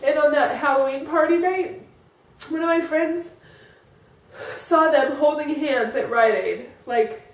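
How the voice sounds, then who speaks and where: High-voiced woman in a rambling vlog. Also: unhurried, pauses often. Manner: rambling, emotional, many fillers. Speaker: vlogger. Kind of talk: personal confessional vlog. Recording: echoey room, voice from a distance.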